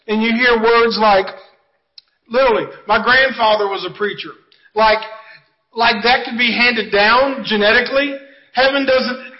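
A man with a high voice preaches a sermon in an earnest, conversational way, full of asides to his congregation. The recording sounds dull and lo-fi. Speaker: pastor.

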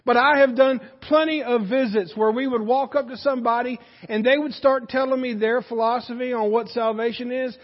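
A male pastor preaching a sermon in a folksy, storytelling way that rises to loud emphasis. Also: very high voice, steady tone, normal speed, hardly any pauses. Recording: dull sound with long hall reverb.

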